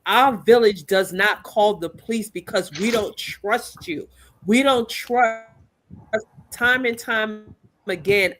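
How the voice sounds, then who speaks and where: A woman's voice: mid-range voice, a little hiss or hum. A woman in her sixties on a podcast, talking bluntly and passionately, straight to the host. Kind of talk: casual podcast discussion.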